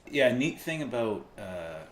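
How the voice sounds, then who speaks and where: A man's voice: mid-range voice, sing-song, unhurried, roomy sound, background noise. A man casually commentating while he plays a video game, chatty, laughing often and explaining game mechanics. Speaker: player commentating on his gameplay.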